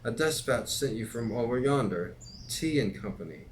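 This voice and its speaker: A man reading aloud and voicing a hoarse messenger on horseback who calls out from the mist. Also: mid-range voice, animated, moderate pace, slight background noise, lightly acted. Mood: calling out.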